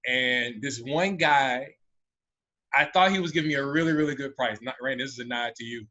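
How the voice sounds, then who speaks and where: An American man telling a story on a panel in an animated way, often restarting his sentences. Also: mid-range voice, moderate pace. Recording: dull lo-fi audio.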